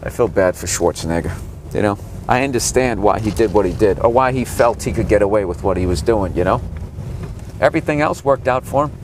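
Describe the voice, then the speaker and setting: A man's voice: lowish voice, expressive, brisk. Profane ranting man in a cab. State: slightly sick, clearing his throat. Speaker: stand-up comedian. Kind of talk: ranting tour commentary from a cab. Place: back seat of a cab in city traffic. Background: faint traffic noise.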